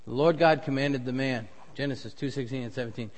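A middle-aged male pastor delivering a sermon, swelling to loud, emphatic peaks when making a point. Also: medium pitch, fairly quick, few pauses. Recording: long reverb of a church hall.

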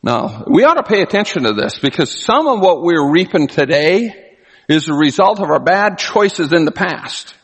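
A man preaching a sermon, animated, often acting out the people he quotes. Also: fairly high pitch, moderate pace, breathy edge. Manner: animated, acts out quoted voices. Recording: long hall reverb.

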